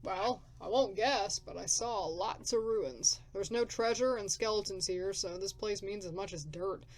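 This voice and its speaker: Woman reading a grumbling, gruff male scavenger. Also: mid-range voice, unhurried. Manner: blunt, grumbling, coarse. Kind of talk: reading game dialogue aloud.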